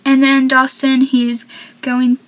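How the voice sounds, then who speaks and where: A young woman with a high voice recaps a TV episode in a loose, chatty way. She laughs often and breaks off into animated asides. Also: slow, rough recording. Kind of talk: casual recap commentary.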